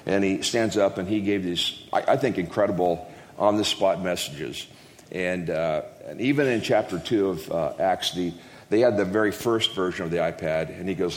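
A man's voice: low-pitched, moderate pace. A man preaching a casual, joking sermon to a congregation, rambling and interrupting himself with folksy asides. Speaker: guest preacher. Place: church hall. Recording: echoey hall, long reverb.

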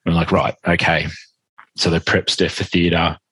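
Deep husky Australian man telling a story. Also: no echo, low-quality recording. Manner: animated, quick, acts out quoted dialogue. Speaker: podcast guest. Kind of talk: conversational storytelling.

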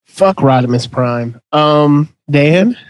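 A man's voice: on the high side, takes it slowly, smooth, no room sound. A man hosting a casual podcast, moving things along with a teasing, laughing manner. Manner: joking, teasing, laughs often. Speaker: podcast host running a movie fight bracket. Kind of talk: casual chat.

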